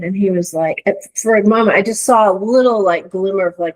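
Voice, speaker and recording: A woman's voice: mid-range voice, fast, hardly any pauses, a little mellow, low-quality recording. A woman guest in an interview, telling stories earnestly and with feeling, restarting her phrases often. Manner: earnest, emotive storyteller with restarts. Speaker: leadership coach and guest. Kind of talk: storytelling in conversation.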